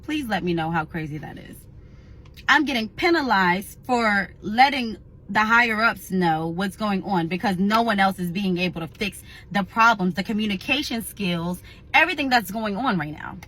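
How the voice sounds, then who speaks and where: Bright-voiced young woman telling a story. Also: mid-range voice, moderate pace. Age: young adult. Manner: animated, indignant, acts out quoted lines. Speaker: storyteller recounting a work experience. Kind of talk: casual storytelling to camera.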